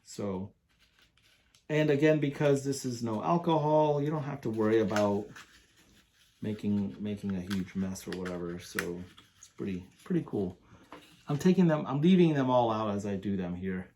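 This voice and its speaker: A man's voice: fairly low pitch, normal speed, dark tone, slight background noise. Enthusiastic man chatting through a perfume unboxing. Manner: enthusiastic, rambling, reads product blurbs aloud. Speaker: perfume reviewer. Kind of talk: casual unboxing review.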